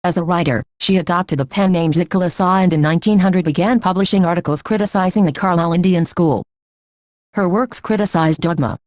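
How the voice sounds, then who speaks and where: Woman narrator for a textbook audiobook, low pitch, dry close sound, steady delivery. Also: no room sound. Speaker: audiobook reader. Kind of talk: reading a school textbook aloud.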